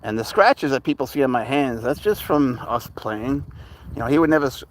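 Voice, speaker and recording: A man's voice: mid-range voice, moderate pace, long pauses, a little hiss or hum. A man chatting casually on a live stream while walking his leashed cat outdoors, rambling and talking to both his viewers and the cat. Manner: relaxed, rambling, talks to his cat and chat. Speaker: cat channel livestreamer.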